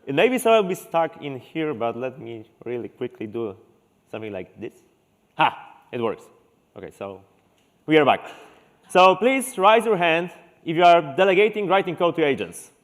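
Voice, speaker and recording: A man's voice: on the high side, very animated, normal speed, long pauses. A man from Poland opening a conference tech talk and speaking directly to the audience. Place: large conference hall.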